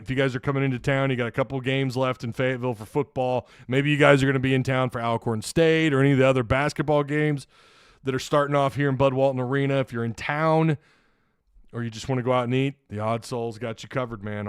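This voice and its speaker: A man's voice: medium pitch, steady tone, brisk, clean tone, dry recording, clean studio sound. Rambling man hosting a sports stream. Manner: rambling, gets flustered over tech trouble. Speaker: sports podcast host. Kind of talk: casual livestream talk. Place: home studio room.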